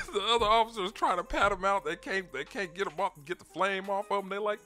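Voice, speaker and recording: A man's voice: high-pitched, animated, a little fast, hardly any pauses, bright, forceful tone. Man, casual commentary host, laughing and laid-back, faint music behind. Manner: laid-back, laughing, repeats words, addresses viewers directly.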